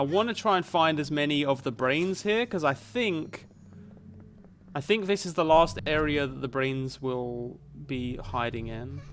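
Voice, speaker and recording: A man's voice: fairly high pitch, fairly bright tone, a little hiss or hum. Rambling Essex-accented man streaming a game. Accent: Essex, softened. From Essex, England. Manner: rambling, many fillers. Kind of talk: casual live gameplay chat.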